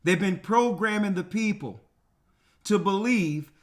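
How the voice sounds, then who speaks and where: A man's voice: sits high, unhurried. A man, a church elder, hosting a commentary show and preaching emphatically to his co-host. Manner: emphatic, addresses co-host directly.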